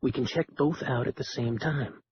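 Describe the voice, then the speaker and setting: A man voicing a calm, guarded older male leader who speaks quietly and in a measured way. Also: mid-range voice, natural voice. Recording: dull lo-fi with faint hiss.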